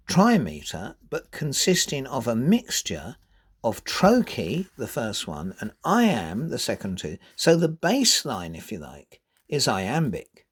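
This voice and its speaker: Man, poetry lesson, husky voice, animated pitch, unhurried, deliberate stresses. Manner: slow, deliberate, stresses words to show rhythm. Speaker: poetry teacher. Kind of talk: spoken lesson with poem readings.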